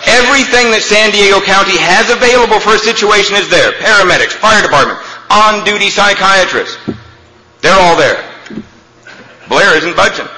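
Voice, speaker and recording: A man speaking at a recovery meeting, telling a humorous story in an animated, comic way. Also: fairly high pitch, slight background noise. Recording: echoey hall, faint ambience.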